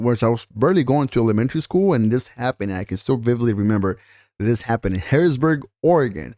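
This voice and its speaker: A man's voice: medium pitch, lively intonation, fast, warm tone, no room sound, clean studio sound. A young man from the United States talking casually to camera in a vlog, rambling a bit and stopping to search for words. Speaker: vlogger.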